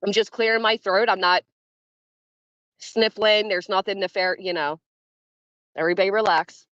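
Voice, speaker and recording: A woman's voice: mid-range voice, fairly even intonation, moderate pace, fairly bright tone, no echo, muffled recording. A woman hosting a casual livestream from home, chatting with her viewers and reacting to the chat in a blunt, foul-mouthed way, laughing often. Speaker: livestream host. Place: at home, early morning.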